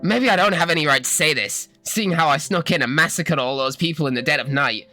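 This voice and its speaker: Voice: medium pitch, brisk, pushed and bright, faint music behind, pitched below the performer's own voice, close to an everyday voice. A streamer doing a remorseful warrior servant. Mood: rueful. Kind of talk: reading game dialogue aloud.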